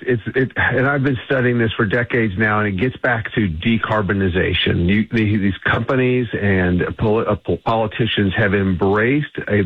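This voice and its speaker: A man's voice: on the low side, husky, no echo. A man giving confident, emphatic answers as a guest in a radio interview. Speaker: energy think tank CEO, guest. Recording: tinny phone line.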